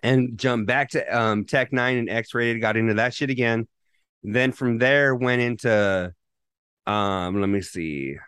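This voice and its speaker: Male podcast co-host, mid pitch, dry close sound, rambling profane storyteller. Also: measured pace, a bit bright, smooth, no room sound. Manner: loose, profanity-heavy storytelling with rambling restarts. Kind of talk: casual chat.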